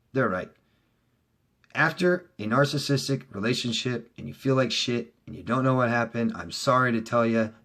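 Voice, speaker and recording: A middle-aged man working as a relationship coach delivers a heated, profanity-laced casual monologue straight to viewers. He shifts back and forth between loud outbursts and low, quiet stretches.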